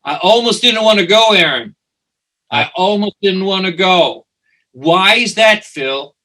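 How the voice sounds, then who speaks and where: Animated man, bright voice. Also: sits high, unhurried, poor audio. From Italy. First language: Italian. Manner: animated, repeats words and restarts often. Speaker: guest, company founder. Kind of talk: casual interview storytelling.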